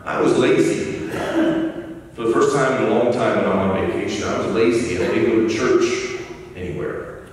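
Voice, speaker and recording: A man's voice: lowish voice, moderate pace, slight background noise. A man preaching a conversational sermon as pastor, folksy and self-deprecating, in a church sanctuary. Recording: echoey church hall from far off.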